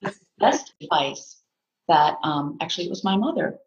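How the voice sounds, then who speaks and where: A middle-aged woman psychotherapist talking as a podcast guest in casual chat, animated and laughing often. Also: low voice, moderate pace, highs cut off. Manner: animated, laughs often, acts out inner voices.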